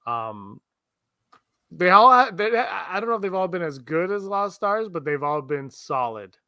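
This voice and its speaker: A man co-hosting a podcast, chatting casually and telling rambling, animated stories full of restarts. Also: sits high, measured pace, clear, resonant tone, no room sound. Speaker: podcast co-host. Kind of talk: casual chat. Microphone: streamed remote podcast setup.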